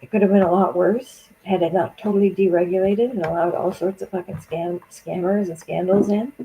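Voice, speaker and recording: Angry, gravelly ranter. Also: medium pitch, steady tone, fairly quick, mellow, poor audio. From Canada. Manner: angry, profane, venting. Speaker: streamer. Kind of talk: ranting political monologue.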